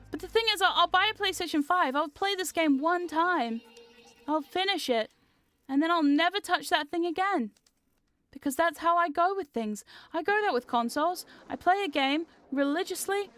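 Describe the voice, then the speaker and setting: A woman's voice: very high-pitched, fairly bright tone. A young woman streamer chatting casually and animatedly, reading chat aloud and swearing freely. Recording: faint music behind.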